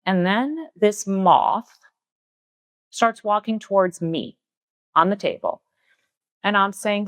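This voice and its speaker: A woman's voice: a little slow, dry recording, clean studio sound. A middle-aged woman who hosts a spiritual talk show, telling a story casually and acting out the voices in it. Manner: animated, acts out quoted dialogue with big jumps in pitch. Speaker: spiritual teacher and podcast host.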